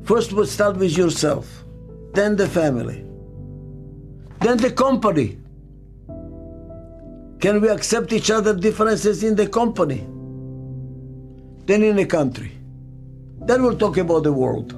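A man's voice: sits high, expressive, unhurried, long pauses, soft background music. An older man giving a motivational talk as speaker and author, emphatic and fond of repeating his key phrases.

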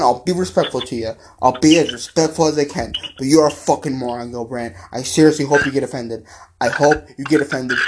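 A man's voice: fairly high pitch, darkish tone, a little hiss or hum. A male podcast host ranting angrily about football, repeating himself and swearing. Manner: angry, repetitive, profane ranting. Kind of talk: ranting sports podcast talk.

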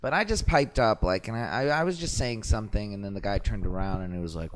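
A man's voice: fairly low pitch, lively intonation, fast talker, few pauses. A man, co-hosting a casual podcast in a laid-back, joking way. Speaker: podcast co-host. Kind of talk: casual chat.

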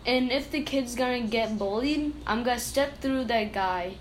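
A woman's voice: fairly high pitch, moderate pace, a little hiss or hum. A young woman chiming in to a casual podcast discussion, blunt and brief.

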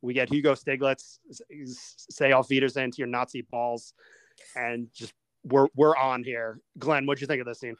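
Guy hosting a movie review show, smooth clear voice, dry close mic, keeps things moving. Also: mid-range voice, dry recording. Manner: animated, quick asides, steers the discussion. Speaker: podcast host. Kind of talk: casual movie-review chat.

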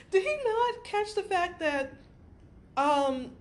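A woman's voice: extremely high pitch, lively intonation, slow. A woman co-hosting a casual chat, cutting in to finish sentences and toss in quips.

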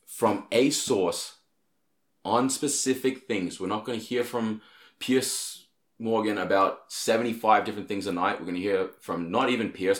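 A man's voice: lowish voice, echoey room. A man in casual conversation, talking animatedly and swearing often. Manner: heavy swearing, animated storytelling. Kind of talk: casual chat.

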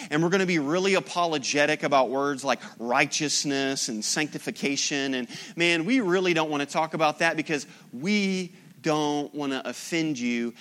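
A man's voice: on the high side, fairly bright tone. A man preaching a sermon as pastor, emphatic, with rhetorical repetition.

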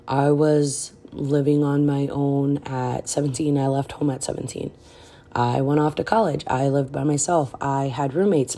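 Low mellow-voiced woman doing a chatty podcast, blunt and direct, kinda breathless. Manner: frank and direct, many fillers. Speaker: podcast host. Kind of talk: casual advice talk.

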